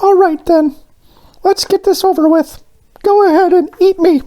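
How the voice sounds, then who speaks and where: A man voicing an anxious talking doughnut in a storybook read-aloud, squeaky and urgent. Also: fairly even intonation, moderate pace, dark tone. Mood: resigned.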